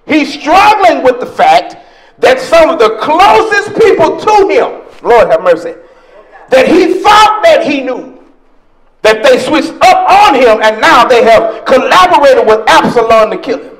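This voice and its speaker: Man, pastor, very high voice, impassioned sermon, talks to the congregation as "y'all", builds to shouts, stretches words out. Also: sing-song, poor audio. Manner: impassioned preaching, rising into shouts and drawn-out words; addresses the congregation directly with "y'all". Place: church.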